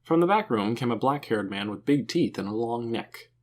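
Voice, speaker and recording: A man narrating an audiobook with an expressive, animated reading. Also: mid-range voice, moderate pace.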